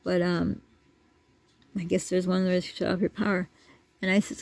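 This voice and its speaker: A woman's voice: fairly low pitch, flat delivery, normal speed, a little mellow, no room sound. A woman vlogger telling a story in a casual, rambling way, full of asides and restarts. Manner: rambling, digressive, with many asides.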